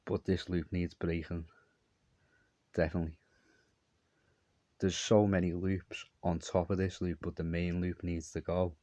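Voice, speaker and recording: A man's voice: low-pitched, level tone, measured pace, pauses often, dark tone, no room sound. A man telling a long, meandering story in a repetitive monologue. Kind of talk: rambling monologue.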